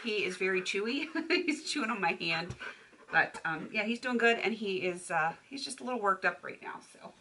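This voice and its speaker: Bright-voiced chatty woman vlogger. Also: medium pitch, expressive, moderate pace, slight background noise. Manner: chatty, laughs often, baby-talks to her puppy. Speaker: beauty vlogger. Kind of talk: casual chat to camera. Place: home filming room.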